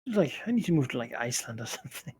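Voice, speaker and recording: A tired man, a player in an online tabletop game, chatting in a relaxed, low-key way and often trailing off. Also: racing, breathy edge. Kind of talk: casual chat.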